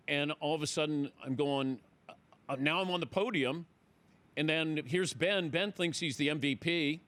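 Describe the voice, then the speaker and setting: A middle-aged man hosting a radio talk show, his speaking voice sitting a little higher than most men's. He tells stories in a relaxed, chatty way. When he acts out the people in them, he jumps into loud, high exclamations. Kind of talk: animated storytelling in casual chat.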